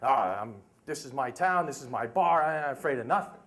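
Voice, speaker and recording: A man's voice: medium pitch, lively intonation, a little fast, a bit bright, pitched below the performer's own voice. A man quoting a boastful, fearless male businessman in a swaggering tone within a live story. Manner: swaggering, cocky.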